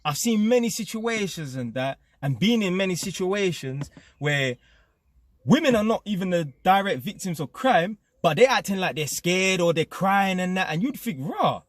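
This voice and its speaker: A young man hosts his own channel and rants to camera. His voice sits a little high, and the sound is close and dry with no room around it. He talks in street slang and keeps tacking tag questions onto his sentences. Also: lively intonation, normal speed, no echo. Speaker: channel host. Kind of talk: casual opinion rant to camera.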